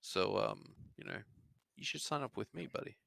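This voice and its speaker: A man voicing an adventurer trying to recruit a stranger, speaking slowly and persuasively. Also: fairly low pitch, wildly swooping pitch, creaky, fairly bright tone, voice pushed down, heavily acted.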